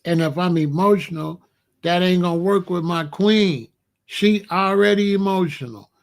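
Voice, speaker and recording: A high-pitched middle-aged man delivers a preachy monologue. He hammers his points home, repeating phrases for emphasis and swinging between drawn-out and rapid lines. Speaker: commentator. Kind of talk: monologue commentary to camera.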